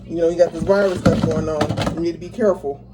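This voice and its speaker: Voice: mid-range voice, steady tone, fast, heavy background noise. A home cook casually talking viewers through a recipe step by step, in a chatty, easygoing way. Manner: chatty, talks viewers through each step, laughs easily. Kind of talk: casual cooking tutorial. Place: home kitchen.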